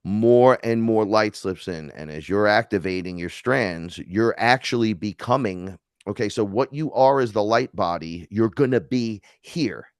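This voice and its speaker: Male podcast guest from New York, casual storyteller, low voice, dry close sound, lively quoted voices. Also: unhurried, smooth, dry recording. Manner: animated, acts out quoted voices, swears freely.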